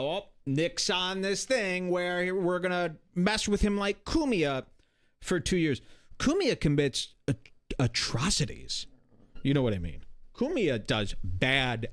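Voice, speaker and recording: A man hosting a podcast, talking in an animated, exasperated, profane rant. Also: on the high side. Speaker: podcast host. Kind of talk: casual ranting commentary.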